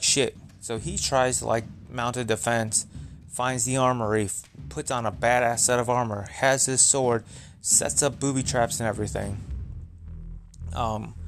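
A man hosting a podcast, recapping a movie in a rambling, profane, filler-heavy way. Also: mid-range voice. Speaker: podcast host.

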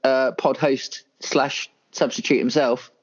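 A man's voice: mid-range voice, steady tone, slow pace, highs cut off. A man chatting casually as a returning podcast guest, playful and joking. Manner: playful, joking in mock French.

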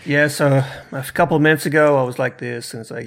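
A man's voice: fairly high pitch, brisk, creaky, a bit bright. A man hosting a casual podcast, chatty and self-mocking, rambling with restarts. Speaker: podcast host.

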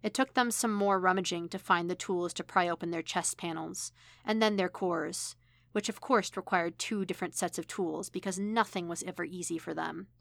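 A woman reading a fan fiction story aloud as narration, in a steady, even delivery. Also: fairly low pitch, moderate pace, vocal fry, no room sound. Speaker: podfic reader.

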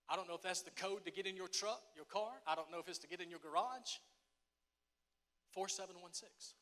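A male pastor preaching a sermon, emphatic and repetitive, swinging from shouting to hushed tones. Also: sits high, a little fast. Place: church sanctuary. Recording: echoey church hall.

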